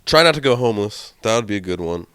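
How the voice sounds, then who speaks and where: Blunt, profane young man, low dry voice. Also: expressive, fast talker, a bit bright, smooth, no room sound. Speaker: podcast co-host. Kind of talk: casual chat.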